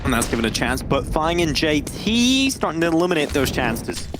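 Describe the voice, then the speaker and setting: A man calling a video game match as a play-by-play caster, energetic and jokey. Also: a little high, moderate pace. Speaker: esports caster. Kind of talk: play-by-play commentary. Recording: noisy game audio behind. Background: gunfire from the game.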